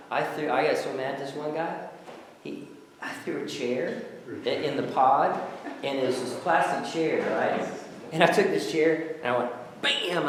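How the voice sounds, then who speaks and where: A man, a former jail minister, telling animated stories to an audience and acting out the people he quotes. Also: a little high, slight background noise. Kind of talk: storytelling talk to an audience. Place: church hall. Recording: echoey hall, from far off.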